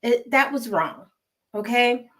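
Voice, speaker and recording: West coast lady vlogging gossip, kinda high voice, really emphatic, says stuff over and over. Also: slow. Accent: West Coast American. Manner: animated, emphatic, repeats words for effect. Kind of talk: casual commentary.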